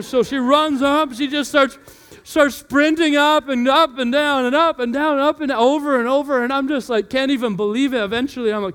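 High-voiced man telling a lively sermon story. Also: normal speed, clean tone. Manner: animated storyteller, acts out his kids' voices. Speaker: pastor.

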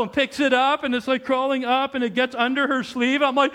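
A young adult man, a pastor, preaching a sermon in a conversational, animated storytelling way with frequent restarts. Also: extremely high pitch, fairly quick, hardly any pauses, a little hiss or hum.

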